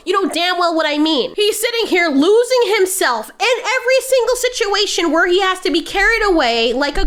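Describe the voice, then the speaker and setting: A young woman with a high voice riffing through a reaction video, blunt and sarcastic, swearing freely as she complains. It's loose, off-the-cuff commentary aimed straight at her viewers. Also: fairly bright tone. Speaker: reaction vlogger. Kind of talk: casual commentary rant.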